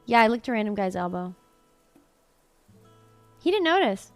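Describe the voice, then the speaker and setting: A woman's voice: fairly high pitch, sing-song, normal speed, dry recording, soft background music. A young woman from Florida chatting casually on a live stream, playful, laughing often and swearing freely.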